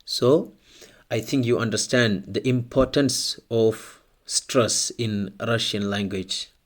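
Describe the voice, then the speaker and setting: Slow, deliberate male language teacher. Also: lowish voice. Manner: slow, deliberate, repeats example words twice. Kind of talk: slow explanatory language lesson.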